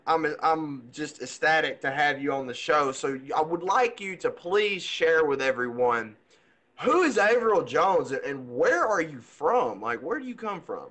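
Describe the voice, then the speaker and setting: A young man hosting a live online interview show, excited and stumbling over his words, with a toothache. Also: on the high side, unhurried. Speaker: host.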